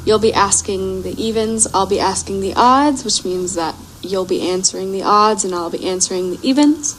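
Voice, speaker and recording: A young woman hosting a casual radio interview, upbeat and quick to react, laughing easily. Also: medium pitch, fairly bright tone, slight background noise, poor audio. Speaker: radio show host.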